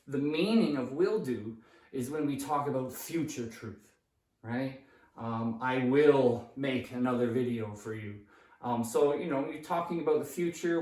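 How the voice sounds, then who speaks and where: A man's voice: medium pitch, darkish tone. Patient male teacher in an echoey room. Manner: patient, repeats key phrases, checks in with "okay?". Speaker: English teacher. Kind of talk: whiteboard grammar lesson. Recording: echoey room, voice far from the mic.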